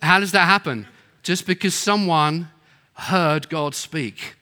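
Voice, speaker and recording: A man's voice: fairly high pitch, slow, sharp tone. A middle-aged man preaching a sermon, telling stories and acting out the people in them. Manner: storytelling, acts out quoted voices.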